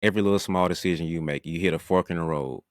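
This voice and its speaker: A man hosts a podcast interview and asks measured, thoughtful questions. His voice is very low. The sound is dry, with no room echo. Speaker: podcast host.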